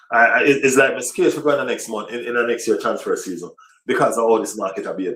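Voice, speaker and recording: Male football vlogger, rambling live-stream chat, distant roomy sound. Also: lowish voice. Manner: rambling, repeats himself, frequent "you know what I mean". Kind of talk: casual livestream chat. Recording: roomy, slightly distant mic.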